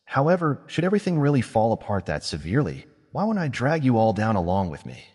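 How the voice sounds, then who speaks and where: A man voicing a calm, scheming male mage who reasons in a measured way. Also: medium pitch, big-room sound.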